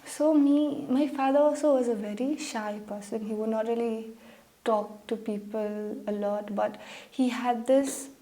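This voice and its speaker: A young woman from Meghalaya, India, a pageant contestant telling personal stories in an interview, emotional and animated, acting out what people said. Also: on the high side, unhurried. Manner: emotional, animated storytelling with acted-out quotes. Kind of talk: conversational interview, personal storytelling.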